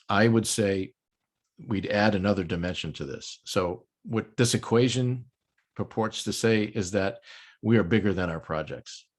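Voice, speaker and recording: Older man giving a conference talk. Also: sits low. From United States. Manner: explanatory, occasional filler ums, light joking. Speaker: lecturer presenting to a project management chapter.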